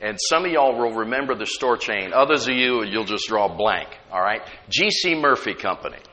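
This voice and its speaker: Bright-voiced preacher in a reverberant hall. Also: male voice, medium pitch, expressive, moderate pace. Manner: dramatic, reads scripture aloud and breaks in to explain. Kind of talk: sermon.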